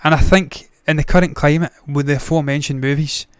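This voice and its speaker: A man's voice: a little high, fairly even intonation, fast, clear, resonant tone, no room sound, clean studio sound. A man hosting a movie news show, talking casually with blunt, profane opinions and frequent tangents. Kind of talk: casual solo commentary.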